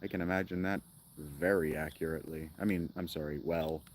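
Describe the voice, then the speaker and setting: A man's voice: rumbling low, steady tone, a little fast, a little hiss or hum. A man streaming a game, rambling casually with jokes and sarcastic asides. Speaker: gaming streamer. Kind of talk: casual gameplay commentary.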